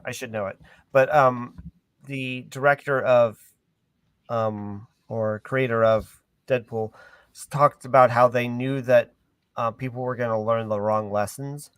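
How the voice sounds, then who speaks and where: A man's voice: mid-range voice, a bit bright, clean tone, dry recording. A man hosting a casual discussion on a call, hesitant and full of ums and restarts. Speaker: host.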